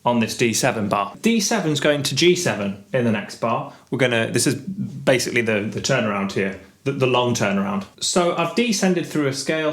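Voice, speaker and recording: A man's voice: mid-range voice, echoey room. A music teacher thinking aloud as he writes a jazz solo, humming and scatting the rhythms in a casual way. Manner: hums and scats the rhythms, talks casually.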